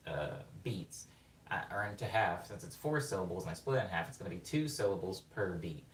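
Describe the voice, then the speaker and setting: A man on a live production stream, excitedly explaining rhythm while rambling and interrupting himself, sometimes singing words on the beat. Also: sits low, brisk, slight background noise. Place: home studio during a live production stream. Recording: roomy room sound, mic at a distance, faint music.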